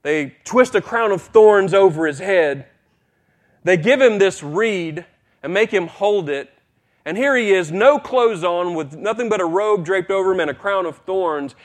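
Dramatic preacher man, slightly high voice. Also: lively intonation, measured pace. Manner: dramatic storytelling preacher, swinging from loud to hushed. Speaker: pastor. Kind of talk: sermon.

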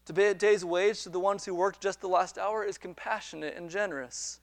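A man with a high voice preaches a sermon. He retells a parable in an animated way, acts out the quoted dialogue and repeats words as he builds each point. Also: brisk, no room sound. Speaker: pastor.

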